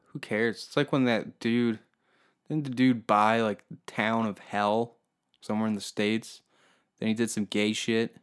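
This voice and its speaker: A man's voice: on the low side, level tone, a little slow, clean tone. Rambling, foul-mouthed man ranting. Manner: rambling, profane, mocking. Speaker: podcast host. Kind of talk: solo comedy podcast monologue.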